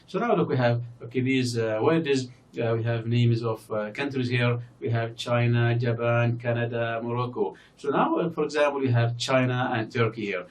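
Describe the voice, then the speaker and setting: A man whose first language is Arabic, teaching a recorded English lesson and explaining slowly with many fillers and repeated example words. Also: mid-range voice, far from the mic, slight background noise. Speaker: university English lecturer. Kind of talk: recorded distance-learning lecture.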